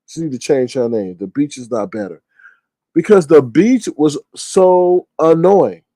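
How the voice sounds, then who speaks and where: A man's voice: a little high, unhurried, dry recording. Brief: male commentator, casual and slangy, hammers points by repetition, close dry sound. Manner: animated, slangy, repeats phrases for emphasis.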